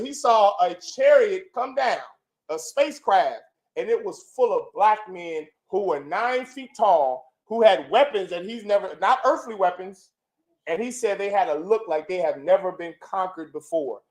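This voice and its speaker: A man preaching a fiery sermon to a gathering, forceful and repetitive, swinging between loud outbursts and low, intense passages. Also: animated, normal speed, low-quality recording. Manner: repetitive, chanting lists. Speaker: preacher leading a congregation. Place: indoor gathering.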